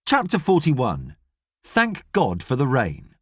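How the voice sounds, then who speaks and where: Expressive male audiobook narrator. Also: mid-range voice, slow, slightly rough, dry recording, studio quality. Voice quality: expressive, storytelling.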